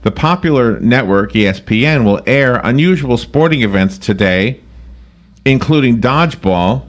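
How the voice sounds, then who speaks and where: Man, radio host, news and banter, lively intonation. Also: mid-range voice, normal speed. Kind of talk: morning radio chat and news reading.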